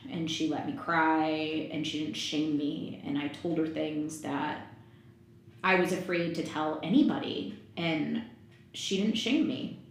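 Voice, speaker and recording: A woman's voice: deep voice, fairly even intonation, measured pace. A woman in her thirties, a podcast guest telling a personal story frankly, swearing freely and laughing often. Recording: very echoey room, faint noise.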